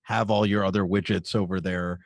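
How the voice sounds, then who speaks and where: A man's voice: deep voice, little pitch movement, moderate pace, gravelly, dry recording. A man talking in a casual panel chat, hesitant with many fillers and restarts. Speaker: streamer panelist.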